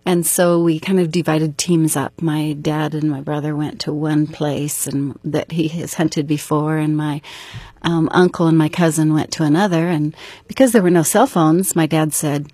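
Husky-voiced woman telling a personal story. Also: deep voice, fairly even intonation, moderate pace, warm tone, no echo. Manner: earnest, recounting events step by step. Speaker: interview guest.

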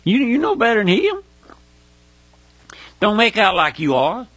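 A man's voice: wildly swooping pitch, unhurried, fairly bright tone, husky. Folksy, emotional preacher man. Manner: emotional, rising to high pleading cries; folksy, repeats "my friend" and "listen". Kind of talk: sermon.

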